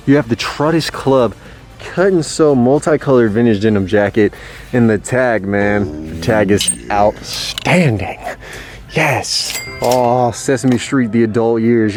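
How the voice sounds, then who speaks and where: A man giving a joking vlog of his thrift store finds, hyped and goofy, often jumping into high silly voices. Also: a little mellow. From Texas. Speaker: vlogger showing thrift finds. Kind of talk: casual joking vlog narration.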